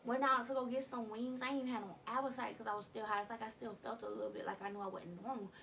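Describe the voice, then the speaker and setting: Animated young woman telling a story. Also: on the high side, very fast, creaky, far from the mic, a little hiss or hum. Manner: animated, acts out her own lines in quotes. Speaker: vlogger. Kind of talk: casual storytelling.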